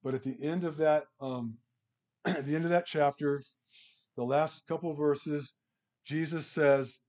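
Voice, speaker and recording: A man's voice: fairly high pitch, fairly even intonation, measured pace, long pauses, darkish tone. A middle-aged man leading a Bible study from a worksheet, talking conversationally, restarting sentences and reading scripture aloud with emphasis.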